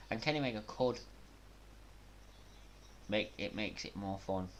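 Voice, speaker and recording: A man from Manchester with a Mancunian accent, hosting a live watch-along stream, reacting with loud gasps and chatting casually with viewers. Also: lowish voice, measured pace. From Manchester, England. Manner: excitable, bursts into loud gasps during big moves, casual with chat.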